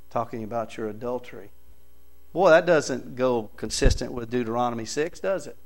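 A man's voice: medium pitch, lively intonation, normal speed, pauses often. A man preaching a sermon, reading scripture aloud and pressing his points with rising, emphatic bursts.

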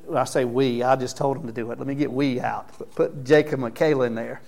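A man's voice: medium pitch, gravelly. A man preaching as pastor in a church, talking conversationally and calling out members of the congregation by name before closing in prayer. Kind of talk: sermon with congregation recognition. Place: church sanctuary.

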